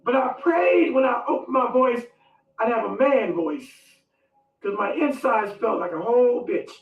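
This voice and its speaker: High, gravelly man telling a comic story. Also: animated, moderate pace, narrow, tinny audio. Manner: dramatic, comic, swings between loud and hushed. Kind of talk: animated storytelling monologue. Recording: echoey room, distant mic, faint music.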